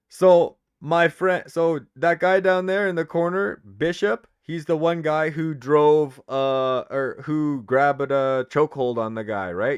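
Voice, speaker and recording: A man streaming live, excitedly commenting on old footage and laughing often. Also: fairly high pitch, clear, resonant tone, no room sound, clean studio sound. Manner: excitable, laughs a lot, loud.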